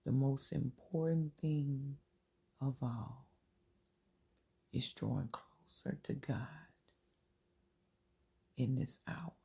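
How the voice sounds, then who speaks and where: Super husky gravelly voice, earnest preachy faith talk, repeats itself, slips into whispers. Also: medium pitch, warm tone. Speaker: channel host sharing faith encouragement. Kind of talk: informal inspirational faith talk.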